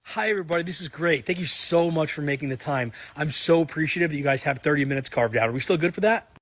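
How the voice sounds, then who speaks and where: A man acting a fast-talking sales rep on a call. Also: a little high, fairly bright tone. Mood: role-play. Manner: rapid call role-play. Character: male sales rep, eager then confident. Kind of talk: sales call role-play video.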